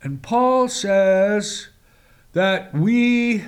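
Male preacher, slow and emphatic, fairly high voice, reads scripture between remarks. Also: expressive. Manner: slow, emphatic delivery with sudden rises in pitch; reads scripture in old-fashioned wording. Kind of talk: sermon with scripture reading.

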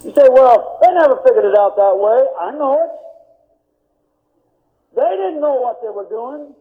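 A man preaching a fiery sermon in a church, shouting emphatic lines and leading the congregation in call-and-response. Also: extremely high pitch, expressive, moderate pace, long pauses. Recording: tinny phone-like audio with faint noise.

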